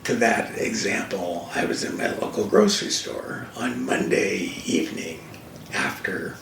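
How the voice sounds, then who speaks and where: A man's voice: low voice, measured pace, gravelly. An older man, a guest and racing TV commentator, telling stories emphatically in a casual fireside conversation, recorded from a distance in an echoey room. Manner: animated, emphatic storytelling. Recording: echoey room, distant mic, faint hiss.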